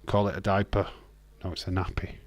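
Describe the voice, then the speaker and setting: A little fast and level in tone, this low-pitched British man hosts a livestream. He casually responds to his chat with jokes, rants and laughter.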